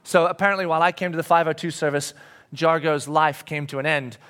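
A middle-aged man preaching a sermon, telling a personal story in a conversational way with frequent restarts and soft, quiet reflective stretches. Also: a little high, fairly even intonation, fast. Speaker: pastor. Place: church sanctuary.

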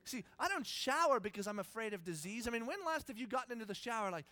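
A man preaching a sermon, telling stories dramatically and swinging between a hush and a loud voice. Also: very high voice, expressive, fast, no echo. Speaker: pastor. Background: congregation present.

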